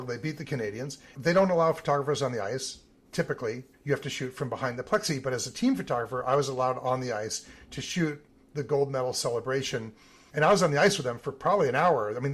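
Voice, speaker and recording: A man, an Olympic team photographer, telling animated stories in an interview. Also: medium pitch, breathy edge. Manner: animated anecdotal telling with some vivid emphasis. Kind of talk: interview storytelling.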